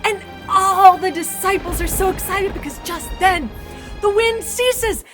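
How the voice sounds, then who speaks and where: A woman's voice: very high-pitched, a little slow, over music. A woman playing a chatty female water droplet in a comic children's sermon skit, telling her story with gushing drama.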